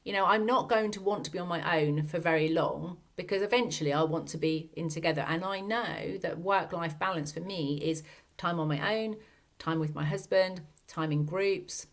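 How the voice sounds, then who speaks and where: A woman talks on her own podcast, sincere and reflective, asking one rhetorical question after another. Her voice sits a little low for a woman, and she speaks as a coach working through her own experience. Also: normal speed, vocal fry. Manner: earnest, many rhetorical questions. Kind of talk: reflective solo podcast talk.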